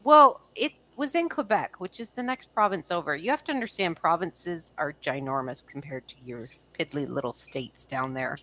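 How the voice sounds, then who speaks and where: A woman's voice: sits low, expressive, moderate pace, few pauses, sharp tone, poor audio. A woman from Canada co-hosting a podcast, chatty and playfully teasing as she explains things at length. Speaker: podcast co-host. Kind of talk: casual chat.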